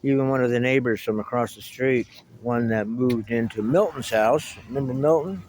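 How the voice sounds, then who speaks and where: A man's voice: medium pitch, normal speed, darkish tone, a little hiss or hum, poor audio. A middle-aged man talking casually to the camera in a meandering, reminiscing way, with wry asides. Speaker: vlogger. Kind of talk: casual rambling monologue to camera.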